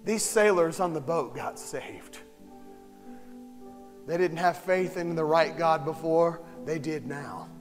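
High-voiced impassioned preacher in a reverberant church. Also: male voice, slow. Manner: impassioned, swings from hushed to shouting. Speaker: pastor. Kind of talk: sermon. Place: church sanctuary. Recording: long hall reverb, faint music.

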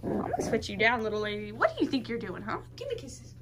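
A woman's voice: fairly high pitch, wildly swooping pitch, quick pace, heavy background noise. A woman talking to a puppy in a teasing baby-talk voice and laughing often, then chatting casually to her viewers. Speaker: dog breeder vlogger.

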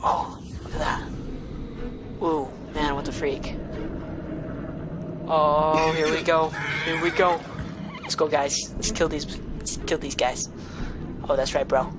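Excitable man commentating a game. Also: on the high side, takes it slowly, long pauses, very noisy. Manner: excitable, jokey reactions with mild minced oaths. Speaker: gameplay commentator. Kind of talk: let's play commentary. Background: game music.

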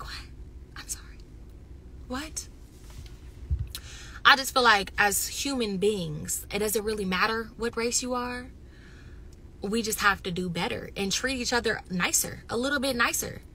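A woman chatting casually with viewers on a phone livestream, animated and loud, swinging between excited bursts and near-whispers. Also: mid-range voice, a little hiss or hum. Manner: says she is loud. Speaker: reality TV personality going live.

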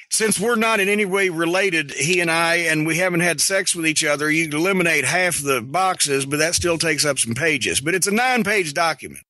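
A middle-aged man hosting a podcast, telling a story in an animated, profane, sarcastic way. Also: fairly high pitch, no room sound. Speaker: podcast host.

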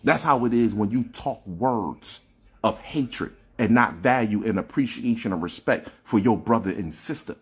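A man's voice: lowish voice, lively intonation, normal speed, husky. A man giving a fervent, preachy spiritual monologue on a phone livestream, repeating himself and swearing often. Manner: fervent, preachy, repetitive, with frequent profanity. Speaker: livestream host.

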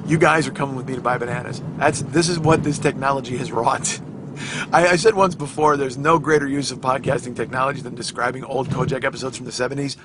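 A man with a hoarse voice hosting a rambling, profane, self-mocking comedy podcast while driving, recorded on his phone inside the car. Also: medium pitch, fairly even intonation, fast. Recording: car road noise on a phone.

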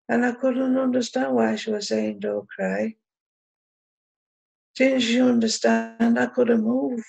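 A woman's voice: a little high, steady tone, slow, vocal fry, darkish tone, husky, rough recording. A middle-aged woman, plainly recounting a personal story in local dialect.

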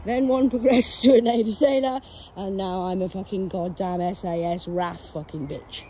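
A woman talks to her phone camera outdoors at a cemetery, and her voice is hoarse, with coughs breaking in. She rambles in a loud, profane and agitated way, jumping from one topic to the next. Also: mid-range voice, fairly even intonation, normal speed, a little hiss or hum. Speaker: vlogger.

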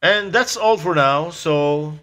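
A man teaching a language lesson in a casual lecture style, pausing with fillers and repeating example words. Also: on the high side, a bit bright.

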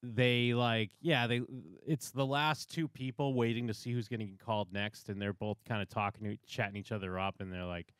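A man's voice: on the low side, normal speed, few pauses, clean tone, no room sound, studio quality. A man co-hosting a podcast, casually recapping a reality show and acting out what the contestants say. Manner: animated storytelling, acts out quotes. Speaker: podcast co-host. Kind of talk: casual chat.

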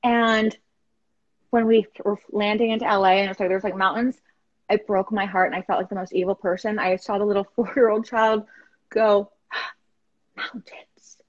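A woman guest chatting casually, telling stories with lively acted-out quotes. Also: mid-range voice, a little fast, muffled recording. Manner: animated storytelling, acts out quotes. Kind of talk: casual chat.

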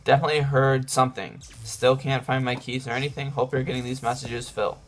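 A man's voice: mid-range voice, level tone, brisk, slight background noise. A man giving nervous let's-play commentary on a horror game, often murmuring reassurances to his viewers. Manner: jittery, whispers reassurances to viewers. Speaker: gaming YouTuber.

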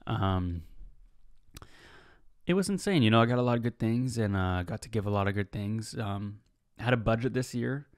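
A young man in his twenties tells a loose, rambling story on his own podcast, keeping it laid-back and dropping "man" into his sentences. His voice sits fairly low. The sound is dry and close, with no room echo. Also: normal speed, long pauses. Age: 20s. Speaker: podcast host. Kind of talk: casual storytelling monologue.

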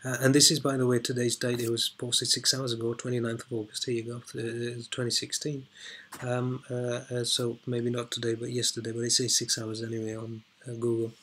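A man giving unscripted commentary as he reads an article aloud, hesitant and filling pauses with ums and uhs, repeating points for emphasis. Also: mid-range voice, completely flat delivery, a bit bright, slight background noise. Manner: emphatic repetition for stress. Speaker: video blogger.

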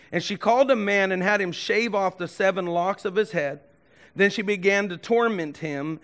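High-voiced man preaching with animated storytelling. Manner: animated storytelling, acting out the characters. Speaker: pastor. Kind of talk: sermon.

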